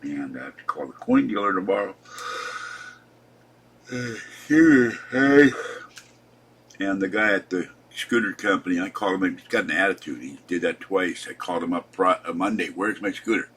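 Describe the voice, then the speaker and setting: A man's voice: low-pitched, fast, hardly any pauses, a bit bright, breathy edge. A man in his seventies, tired and upset, rambling through a casual vlog and complaining as he trails off. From Pittsburgh. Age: 70s. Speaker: vlogger.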